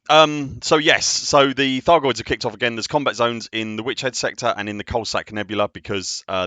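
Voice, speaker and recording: A man chatting casually on a game stream, excitable and self-deprecating, often laughing. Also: on the low side, dry recording. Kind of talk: casual live-stream chat.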